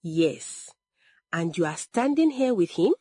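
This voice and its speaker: A woman's voice: lowish voice, sing-song, slow pace, husky, no echo, studio quality, full character voice. A woman doing Adaize, a stern, firm young woman. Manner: firm, sharp.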